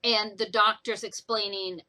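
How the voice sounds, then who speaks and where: A young woman casually retelling a book's plot in a chatty, animated way for her vlog. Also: mid-range voice, a little slow, low-quality recording. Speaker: book reviewer. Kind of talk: casual book review vlog.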